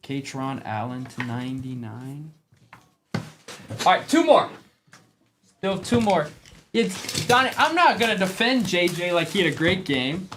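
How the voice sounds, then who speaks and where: A man's voice: fairly high pitch, big pitch swings, noisy background. A man hosting a live sports card break, reading off player names from the cards he opens. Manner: rapid name roll-call of cards.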